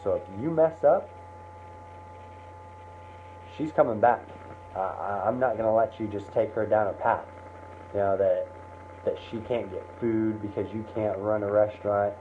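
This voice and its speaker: A man's voice: on the low side, moderate pace, long pauses, slight background noise, close to an everyday voice. Man playing a stern lecturing father-in-law. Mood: scolding. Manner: lecturing, scolding. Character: stern protective middle-aged father-in-law. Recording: tinny phone-like line.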